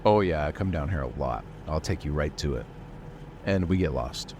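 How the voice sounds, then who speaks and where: A man's voice: very deep voice, animated, moderate pace, darkish tone, slight background noise. A man playing in an improvised tabletop role-play, talking casually, joking and swearing in character. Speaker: player.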